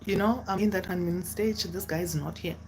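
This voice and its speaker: Young woman vlogging, lowish voice, big dramatic jumps up when she exclaims. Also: fairly quick, slight background noise. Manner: animated, dramatic, with sudden high exclamations. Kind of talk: casual storytelling to camera.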